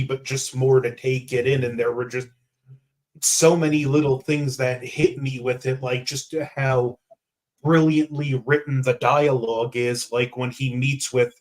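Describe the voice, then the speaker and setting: A man's voice: medium pitch, steady tone, a little slow, low-quality recording. A man, a guest on a casual film review podcast, who speaks reflectively and fills his sentences with "like" and "just". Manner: thoughtful and reflective, with many fillers of "like" and "just".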